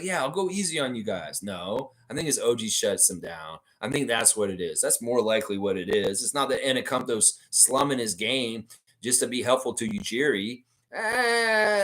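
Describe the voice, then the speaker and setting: A man hosting a casual live stream, reading viewer comments aloud and reacting to them. His voice is mid-pitched, and its pitch swings widely as he riffs playfully. He often repeats short phrases for emphasis. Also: fairly bright tone. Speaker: fan show host reading live chat.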